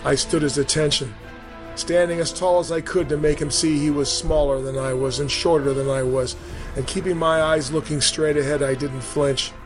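A man telling his own story in a measured, vivid way. His voice sits fairly high for a man, and faint music plays underneath. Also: fairly even intonation. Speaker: storyteller recalling boot camp. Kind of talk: storytelling narration.

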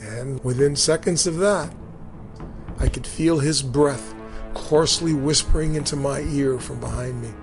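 A man narrating his own experience in a measured, vivid first-person telling. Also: mid-range voice, music in the background. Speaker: storyteller recalling boot camp. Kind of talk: storytelling narration.

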